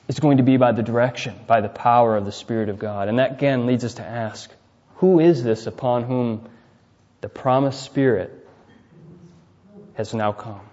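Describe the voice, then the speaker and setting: A man's voice: mid-range voice, normal speed, long pauses. Man preaching in a big echoing hall. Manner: preaching, often adding "right?" to check with listeners; swings between loud emphatic rises and quiet dropped phrase endings. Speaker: pastor. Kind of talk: sermon. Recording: dull, reverberant hall recording.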